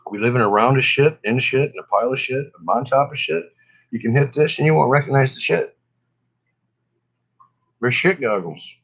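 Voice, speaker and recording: Coughing frequently, the high cannabis vlogger chats loosely and profanely through a relaxed smoking session. He has a mid-range, slightly bright voice, and the audio quality is poor.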